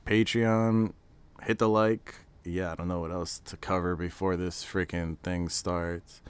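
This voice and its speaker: American male streamer, low smooth voice, easygoing rambling chat with viewers. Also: flat delivery, measured pace. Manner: rambling, chatty, reads and answers chat aloud. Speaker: streamer hosting a live reveal watch party. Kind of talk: casual live-stream chat.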